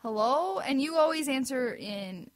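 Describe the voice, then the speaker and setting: High-voiced chatty woman from Missouri. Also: animated, a bit bright. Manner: chatty, reacts with laughs and quick asides. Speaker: podcast co-host. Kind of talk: casual chat.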